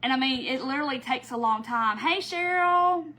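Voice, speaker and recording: A woman hosts a relaxed live craft stream from home, chatting easily, greeting viewers by name and laughing often. Her high voice is bright and pushed, steady in tone, and she talks fast. The recording is rough.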